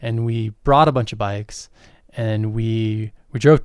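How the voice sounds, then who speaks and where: A young man co-hosting a podcast, chatting casually in a loose, relaxed way with many fillers. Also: on the low side, takes it slowly, smooth, dry recording, clean studio sound. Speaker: podcast co-host. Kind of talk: casual chat.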